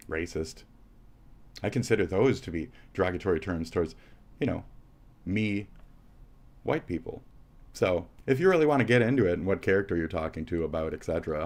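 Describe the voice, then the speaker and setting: A man's voice: deep voice, a little mellow. An American man hosting a livestream, ranting angrily at chatters with heavy profanity. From United States. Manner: heated, profane, insulting chat. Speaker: livestream host. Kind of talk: angry livestream rant.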